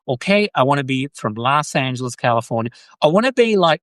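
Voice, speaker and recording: A man's voice: a little high, lively intonation, fast, few pauses, fairly bright tone, no room sound. An Australian man from Sydney, hosting a casual live-stream chat, rambling and chatty as he answers viewer comments. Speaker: podcast host.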